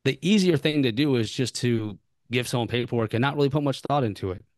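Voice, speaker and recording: A man's voice: mid-range voice, quick pace, no echo. Earnest man giving advice, dry sound. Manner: earnest, explains with repeated emphasis. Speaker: podcast guest. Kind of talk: conversational advice.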